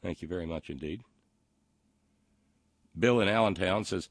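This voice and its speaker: With a deep voice and no room sound, a man hosts a political talk show. He reads listener comments and sarcastically mocks the news, his speech halting and heavy with ums and uhs.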